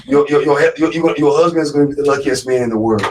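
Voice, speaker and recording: A man's voice: fairly high pitch, fast, background noise. Give me a chatty male radio host, full of fillers, recorded from a distance in a studio. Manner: rambling, with many fillers and repeated words. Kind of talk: casual live radio talk.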